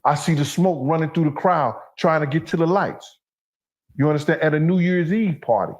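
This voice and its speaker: A man's voice: on the high side, normal speed. A man, telling long street stories as an interview guest and often asking "you understand?". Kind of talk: storytelling in an interview clip.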